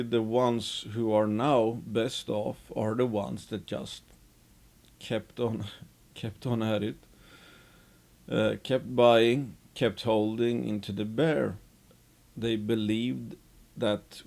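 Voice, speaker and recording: A man giving casual, unhurried investing commentary as host of his own show, rambling a bit with restarts. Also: fairly low pitch, creaky, a little mellow.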